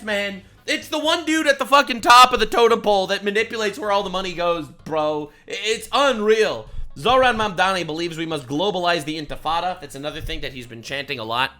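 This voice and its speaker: A man giving sarcastic commentary on political clips, ranting and bursting into loud mocking outbursts. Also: sits high, very animated, brisk.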